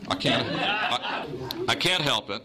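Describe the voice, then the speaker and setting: A man's voice: mid-range voice, very animated, slow, a loud crowd, low-quality recording. A man from Oklahoma with a Southern accent, preaching a sermon in a folksy storytelling way with dry humor.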